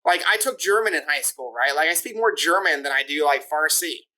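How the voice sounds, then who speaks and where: A man speaking as a podcast guest, laying out his points step by step in a casual way, with a steady stream of "like" and "you know" fillers. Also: a little high, a little fast, rough recording. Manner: lays out points step by step with rhetorical questions. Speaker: podcast guest discussing immigration. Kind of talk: casual explanatory interview talk.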